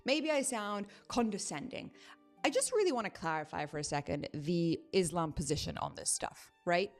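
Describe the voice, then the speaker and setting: Female reaction host, animated and exasperated, faint music behind. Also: lowish voice, normal speed. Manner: exasperated, emphatic. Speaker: livestream host. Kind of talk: casual reaction commentary.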